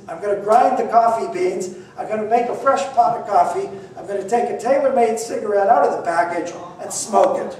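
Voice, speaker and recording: An older man telling a personal story in an animated, self-deprecating way, acting out the dialogue himself. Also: high voice, brisk, few pauses. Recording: echoey room, distant mic, faint noise.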